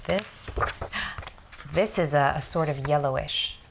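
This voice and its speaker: An actress playing an eccentric, needy wife who blurts awkward remarks and then apologizes. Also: female voice, sits low, slow pace, background noise. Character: eccentric, needy woman, a presumed-dead wife.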